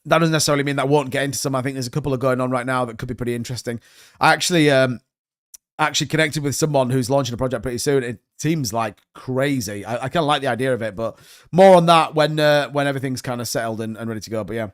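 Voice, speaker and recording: A man's voice: medium pitch, fast. A man hosting a live stream, giving rambling, chatty market commentary full of hedges. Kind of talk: casual crypto market commentary.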